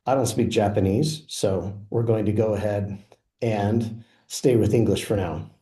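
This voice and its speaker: A man with a fairly low voice talks through a product demo, relaxed and explanatory as he clicks through each feature. The sound carries a noticeable roomy echo. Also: a little slow. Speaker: software presenter.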